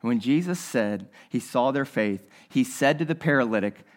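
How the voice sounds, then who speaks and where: A man's voice: medium pitch, expressive, moderate pace, few pauses. A male pastor preaching a sermon, repeating his phrases and asking the listeners rhetorical questions.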